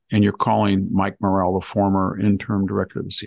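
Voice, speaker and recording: An older man with a low, gravelly voice talks through politics in a relaxed conversational way. He often slips into mimicking voices to act out what others might say. The sound is dry and close. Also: fast, few pauses, no echo. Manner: acts out quotes in mimicking voices. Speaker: podcast host. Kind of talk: casual political talk.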